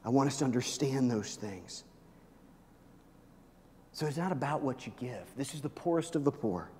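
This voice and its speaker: A man's voice: medium pitch, animated, moderate pace, dark tone, big-room sound, slight background noise. A male pastor preaching an emphatic sermon, urging his listeners again and again to listen.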